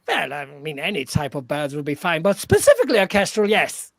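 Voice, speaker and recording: A woman's voice: deep voice, wildly swooping pitch, a little fast, vocal fry, dry recording, full character voice. A woman playing a flustered caller with an unruly pet bird in an improvised comedy radio call. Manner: flustered, exclaiming.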